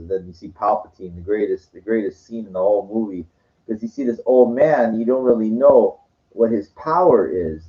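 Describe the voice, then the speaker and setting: A tired, sugar-hyped man rambling in a casual monologue, full of stuttering restarts and swearing, on a dull lo-fi recording. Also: lowish voice. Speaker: channel host.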